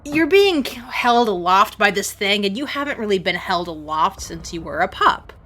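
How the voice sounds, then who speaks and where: A woman narrating a tabletop game as game master, gentle and encouraging toward her player. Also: medium pitch, very animated, normal speed.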